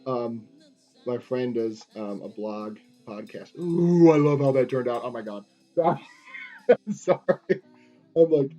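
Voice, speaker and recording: Live-streaming a drawing session, a male artist chats casually in a soft, mellow, medium-pitched voice at a measured pace. He rambles, circling back with fillers and restarts, while faint guitar music plays quietly under the lo-fi sound.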